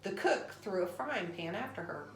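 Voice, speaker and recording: A woman reading a children's storybook aloud in an expressive, animated way. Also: lowish voice, moderate pace, a little hiss or hum. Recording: roomy echo.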